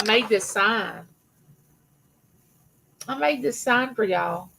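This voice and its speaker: A woman's voice: mid-range voice, creaky, fairly bright tone, poor audio. A middle-aged woman hosting a casual live chat with her viewers, telling rambling personal stories. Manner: chatty, rambling storyteller, greets viewers by name. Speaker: livestream host.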